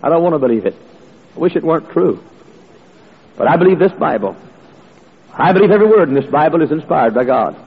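A man's voice: on the high side, very animated, fast talker, long pauses, slightly rough. A man preaching a sermon, telling stories in an earnest way with frequent filler sounds, recorded in a church or meeting hall. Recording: echoey hall, dull lo-fi sound.

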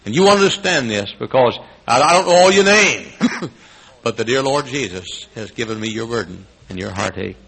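Older Texan preacher with a gravelly voice. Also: male voice, animated, normal speed, poor audio. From Texas. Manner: swings from hushed tender lows to high shouted preaching, chuckling often. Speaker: pastor. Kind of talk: sermon.

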